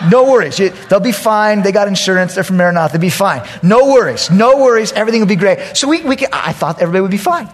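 Animated husky male pastor. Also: sits high, fast talker, hardly any pauses. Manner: animated storyteller, acts out quotes loudly. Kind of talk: sermon with storytelling.

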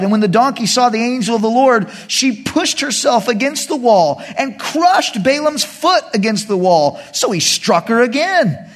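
A man preaching a sermon, retelling a scripture story as an animated, joking storyteller. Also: sits high. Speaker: pastor.

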